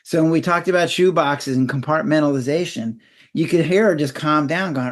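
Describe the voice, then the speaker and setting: A man in his sixties, a physician guest in an interview, explaining in a lively way and acting out little scenes in a raised voice. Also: on the high side, fairly quick. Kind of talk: conversational interview.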